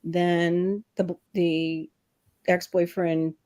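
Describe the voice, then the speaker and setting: A middle-aged woman from Florida hosting a casual chat, telling animated stories and laughing often. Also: fairly low pitch, very slow. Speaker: livestream host.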